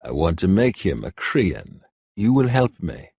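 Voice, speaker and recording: A man voicing a cold, mocking male warlord who speaks slowly and deliberately. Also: sits low, big pitch swings, gravelly, a little mellow, husky, no room sound, clean studio sound, exaggerated voice.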